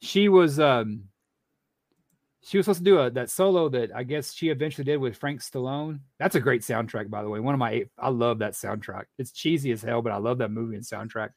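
Man, podcast co-host, rambling storyteller, mid pitch, dry close sound. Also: a little fast, no room sound. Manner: rambling storyteller, lots of fillers and restarts. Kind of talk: casual chat.

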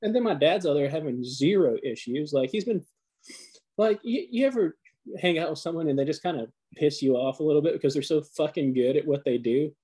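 A man with a husky, slightly high voice swaps stories on a podcast. He is animated and swears freely, with plenty of fillers. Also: fairly quick, rough recording. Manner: animated, profane storytelling with fillers. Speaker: podcast co-host. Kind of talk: casual chat.

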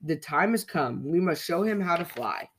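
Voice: medium pitch, animated, moderate pace, a bit bright, breathy edge. A storyteller reading a children's story and voicing a worried, doubtful mother bird. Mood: resolved. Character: fussy, fretful mother bird.

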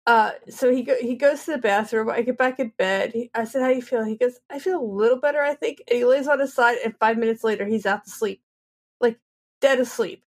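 A woman in her thirties on a casual podcast, telling a story with lively back-and-forth dialogue. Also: fairly high pitch, a little fast. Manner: animated storyteller, acts out both sides of dialogue. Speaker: podcast co-host.

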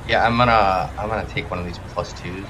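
A man's voice: deep voice, fairly even intonation, quick pace, noisy background. A man playing in a tabletop game, talking casually and hesitantly as he thinks aloud and describes his moves. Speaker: player.

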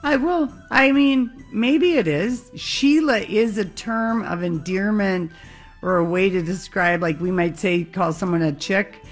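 A woman's voice: mid-range voice, a little slow, soft background music. A woman co-hosting a radio show, playfully reading out cheeky pickup lines in joking studio banter.

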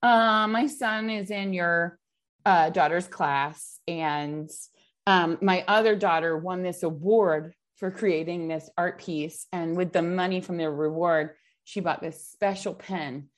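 A middle-aged woman in casual chat, telling a family story with animated quoted voices. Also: lowish voice.

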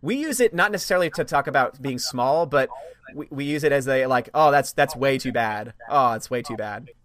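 A man's voice: mid-range voice, animated, fairly quick, a bit bright, no echo. Rambling American man, dry close sound. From United States. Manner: apologetic, rambling, self-deprecating. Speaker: streamer host. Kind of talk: casual live-stream chat.

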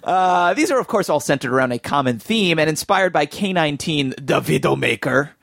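Brief: jokey male podcast host, a touch high, close and dry. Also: lively intonation, fairly quick, a bit bright, dry recording. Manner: jokey, playful. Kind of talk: casual film podcast chat.

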